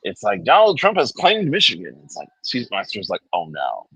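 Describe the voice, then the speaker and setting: A man's voice: mid-range voice, brisk, husky, no echo, rough recording. A young man with a New Jersey accent telling a story in casual chat, acting out what people said. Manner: animated, acts out quoted people. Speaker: guest comic creator.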